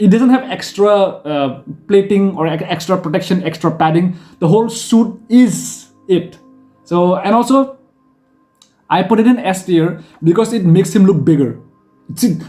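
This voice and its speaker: A man hosts a casual gaming tier list, his voice pitched high yet mellow and warm. He talks excitably and rambles, repeating words and restarting his sentences, while a faint guitar plays underneath. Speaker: gaming video host.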